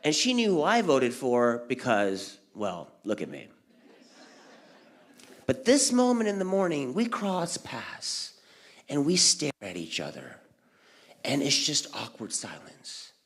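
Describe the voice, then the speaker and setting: A man's voice: medium pitch, huge pitch swings, slow, slightly rough. A man doing a stand-up comedy set at a community event, telling stories and acting out family members with big jumps in his voice. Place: community center event hall.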